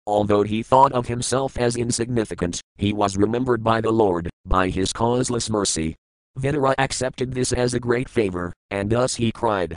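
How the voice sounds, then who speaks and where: A man's voice: fairly low pitch, moderate pace, no echo, low-quality recording. A man steadily reciting scripture, reading verses, word meanings and commentary. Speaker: scripture reader.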